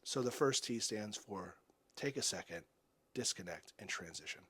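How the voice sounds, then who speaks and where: A man in his forties, a podcast guest telling personal stories in an earnest, halting way, often restarting and dropping soft and quiet. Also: fairly low pitch, animated, slightly rough. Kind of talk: reflective personal storytelling.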